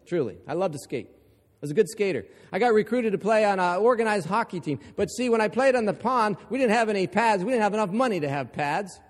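A man from Ohio preaching a sermon, emphatic and building to forceful repeated lines. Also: high voice, animated, quick pace, in a large hall.

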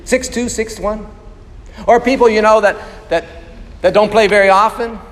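Pastor, male, high-pitched, emphatic, asks the room questions; long hall reverb. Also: steady tone, moderate pace, a bit bright. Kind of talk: sermon.

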